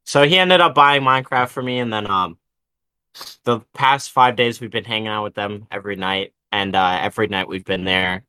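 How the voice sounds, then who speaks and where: Young man, podcast co-host, bright tone, dry close sound, rambling casual story. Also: lowish voice, normal speed, clear, resonant tone, no room sound. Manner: rambling storyteller, swears freely. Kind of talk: casual chat.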